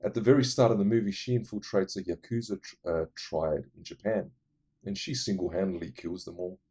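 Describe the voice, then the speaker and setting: Brief: a low, husky-voiced man chatting casually about his favourite films. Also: brisk, mellow. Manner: rambling, enthusiastic, many fillers. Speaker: movie reviewer. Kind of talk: casual movie recommendations.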